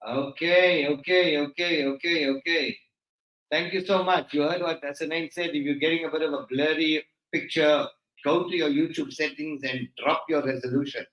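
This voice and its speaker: A man's voice: on the high side, fairly even intonation, normal speed. A man with a South African accent teaching an online maths lesson, joking and bantering in slang between explanations. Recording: roomy, dull lo-fi stream audio.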